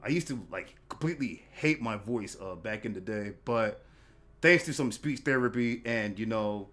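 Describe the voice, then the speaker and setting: A man hosting a casual interview podcast, talking in a halting way with repeated words and lots of fillers. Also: lowish voice, animated, a bit bright. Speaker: podcast host.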